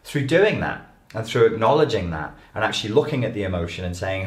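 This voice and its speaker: A man's voice: on the low side, brisk. Emphatic man in an echoey room. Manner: animated, emphatic, acts out quoted voices. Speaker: life coach giving a talk. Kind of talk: lecture to an audience.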